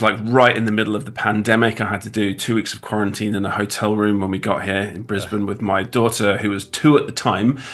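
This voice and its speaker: Man, British accent, 30s, bright, casual livestream chat, rambling. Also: on the low side. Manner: chatty, rambling, many restarts. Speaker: guest designer.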